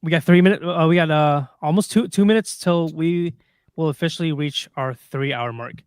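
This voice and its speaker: A man co-hosting a podcast in casual live-stream chat, excitable and slangy. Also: fairly high pitch, moderate pace, clean tone, no echo, studio quality. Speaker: podcast co-host.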